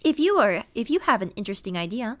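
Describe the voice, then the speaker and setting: A woman reading a village festival notice in a put-on, measured reporter voice. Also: on the high side, very animated. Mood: formal. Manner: measured, formal announcer delivery. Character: formal village notice announcer.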